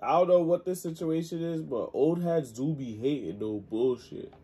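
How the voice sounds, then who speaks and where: Host for reaction commentary: male, husky, mellow, laid-back emphatic delivery. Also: on the high side, moderate pace. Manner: casual, emphatic slang.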